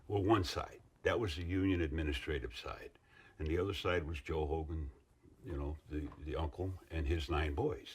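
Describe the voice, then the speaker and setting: A man's voice: low-pitched, darkish tone, breathy edge. A middle-aged man in an interview, recounting past events in a rambling, earnest way with restarts and asides. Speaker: interviewee, former union member. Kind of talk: interview recollection.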